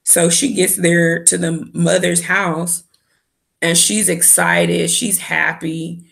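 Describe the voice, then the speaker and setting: A woman's voice: lowish voice, level tone, slow pace, vocal fry, a bit bright. A woman giving a candid, opinionated casual recap of a reality show as a vlogger. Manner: candid, opinionated, with quoted asides.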